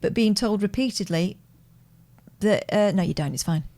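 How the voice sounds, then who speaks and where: A woman's voice: medium pitch, moderate pace, warm tone. A woman co-hosting a live phone-in show, chipping in with brief, dry remarks. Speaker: co-host. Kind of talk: casual live chat.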